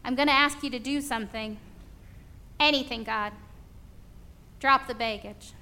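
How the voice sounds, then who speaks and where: A woman's voice: on the high side, measured pace, pushed and bright, clear, resonant tone. A woman voicing God, tender and loving. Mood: firm. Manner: tender, pleading, repeating reassurances. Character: God, a loving male divine voice.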